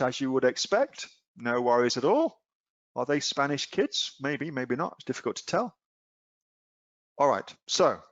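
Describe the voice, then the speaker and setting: An Australian man leads a live screen-share lesson in a mid-pitched voice, speaking casually and bluntly. He keeps quizzing his viewers with rhetorical questions. The sound is dry and slightly muffled, like a basic computer microphone. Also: dry recording. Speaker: online selling coach.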